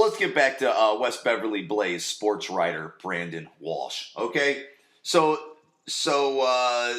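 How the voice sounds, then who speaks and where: A man's voice: on the low side, a bit bright. Rambling man recapping a TV episode. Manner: rambling, loose, with many fillers and restarts. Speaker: podcast host.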